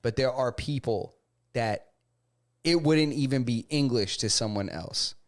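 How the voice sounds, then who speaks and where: A man's voice: medium pitch, a little slow. A man from New York co-hosting a podcast in casual chat, laid-back, laughing often and calling his friend "bro". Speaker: podcast co-host.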